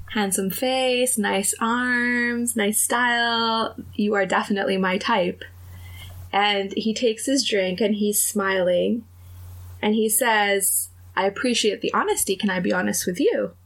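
A woman's voice: mid-range voice, measured pace. A young adult woman on a podcast telling a dating story in casual chat, acting out the other people's lines. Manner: animated, acts out quoted dialogue.

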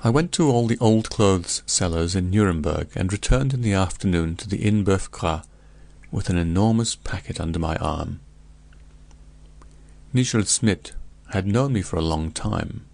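A man narrating a first-person story in a measured, grave reading. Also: deep voice, lively intonation, vocal fry, a little mellow. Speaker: audiobook narrator.

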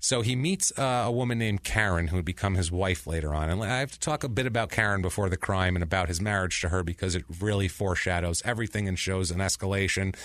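A man's voice: deep voice, quick pace, hardly any pauses, a bit bright, no echo. A man hosting a podcast, telling a crime story casually with many restarts and asides. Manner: rambling, frequent restarts and asides. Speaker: podcast host.

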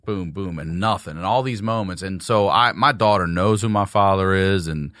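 A man in his forties from Baltimore hosts a casual podcast chat. His voice is low and forceful, his talk blunt and full of swearing. The sound is dry and close. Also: normal speed, dry recording. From Baltimore, USA. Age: 40s. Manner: blunt, profane, emphatic. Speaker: podcast host.

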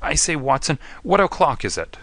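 A man's voice: on the high side, sing-song, normal speed, a bit bright, no room sound, pitched above the performer's own voice. A man voicing a haggard, befuddled young male opium addict, confused and pleading as if close to tears. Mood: dazed, pleading. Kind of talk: audiobook character reading.

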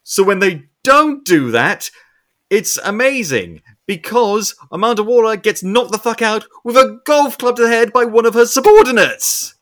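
A young man casually recapping a movie with a co-host, animated and swearing, acting out characters' lines. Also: high voice, moderate pace. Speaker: podcast co-host.

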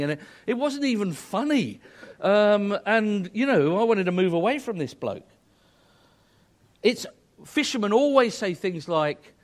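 A man's voice: sits high, very animated, measured pace. Earnest man preaching a sermon. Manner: earnest, emphatic, building to fervent exhortation.

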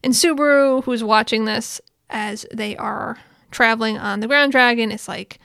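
A chatty, excitable woman recaps an episode and scatters fillers through every sentence. Her voice sits a touch high and sounds bright, smooth and crisp. The sound is close and dry, with no room in it. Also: normal speed, no room sound. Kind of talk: casual chat.

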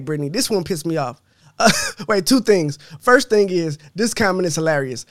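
Male podcast host, high voice, blunt and profane, dry close recording. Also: animated, normal speed, fairly bright tone, no room sound. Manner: blunt, profane, laughs often. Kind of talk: casual chat reading comments.

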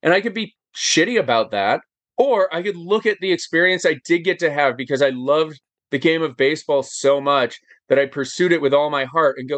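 A man talking as a podcast guest in casual chat, animated and emphatic, firing off rhetorical questions. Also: on the high side, normal speed, no echo.

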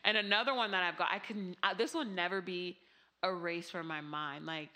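A woman with family from Haiti, chatting casually and telling animated stories full of "like" and laughter. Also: on the low side, normal speed. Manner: animated storytelling with frequent "like" and laughter. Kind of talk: casual chat.

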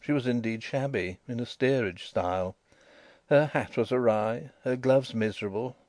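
A man giving an expressive, scripted narration of a novel as an audiobook reader. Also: mid-range voice, moderate pace, dry recording.

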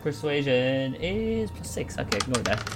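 A man's voice: mid-range voice, sing-song, moderate pace, over music. A man playing a tabletop game, joking and swearing in a casual, self-mocking way. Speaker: player.

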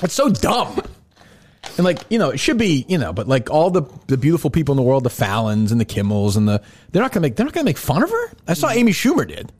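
A man's voice: fairly high pitch, wildly swooping pitch, fast talker, darkish tone, husky. A man hosting a casual comedy podcast, profane and laughing often, slipping into mocking voices. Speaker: podcast host.

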